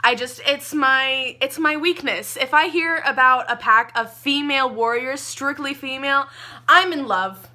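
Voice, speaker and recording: A young woman gushing about a book she loved, talking casually and excitably with lots of "like" fillers. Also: sits high, unhurried. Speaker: book reviewer.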